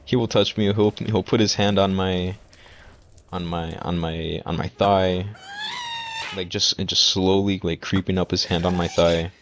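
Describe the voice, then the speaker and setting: A man's voice: sits low, a little hiss or hum. A young man casually rambling through a storytime vlog, full of restarts and fillers. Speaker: vlogger.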